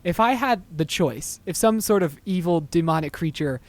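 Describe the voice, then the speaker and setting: A podcast co-host with a mid-pitched voice, chatting casually and laughing between lines. Their rants have a dry, mock-indignant edge. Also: animated, moderate pace.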